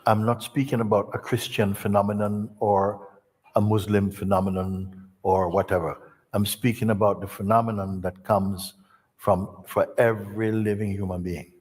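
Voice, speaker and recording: A man speaking as a spiritual teacher, giving an unhurried storytelling talk to an audience. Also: fairly low pitch, little pitch movement, a little mellow, long reverb tail.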